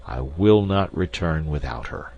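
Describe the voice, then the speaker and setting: A man voicing an elderly professor who speaks slowly and heavily in an audiobook. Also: very deep voice, animated, creaky, darkish tone, dull audio, exaggerated voice. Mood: grieving. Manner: slow, heavy, measured. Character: elderly grieving professor, man, scholarly and resolute.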